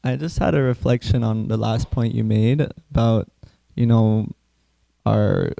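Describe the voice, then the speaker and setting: A man chatting casually in a class group, his talk loose and peppered with fillers. His voice is gravelly and mellow, at a middle pitch. The sound is dry. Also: fairly even intonation, unhurried, no room sound. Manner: chatty, full of "like" and "you know" fillers. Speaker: class participant. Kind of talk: casual reflection.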